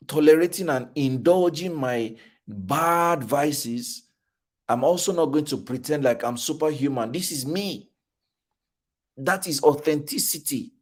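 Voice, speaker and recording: A man's voice: a little high, a little mellow. A middle-aged man with a Nigerian accent giving a motivational talk at a fathers' conference, emphatic and repeating his key phrases like a preacher.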